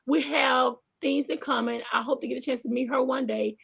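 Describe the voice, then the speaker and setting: A woman from the American South who hosts a talk show and pastors a church. She chats casually on a live stream, animated and exclamatory, reading out viewer comments. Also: high voice, fairly quick, creaky, breathy edge.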